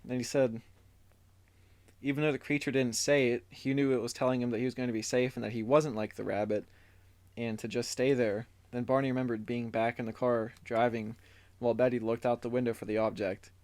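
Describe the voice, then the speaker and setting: Fairly quick and level, his medium-pitched voice has a darkish tone. Reading through notes as a podcast co-host, he recaps a story loosely, with many fillers and quotes read out.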